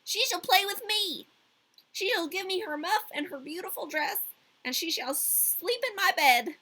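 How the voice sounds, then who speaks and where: A woman's voice: extremely high pitch, animated, unhurried, pushed and bright, voice pushed up, heavily acted. A woman voicing a bratty, fierce little robber girl with a put-on Southern drawl, in a storybook reading. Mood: bossy.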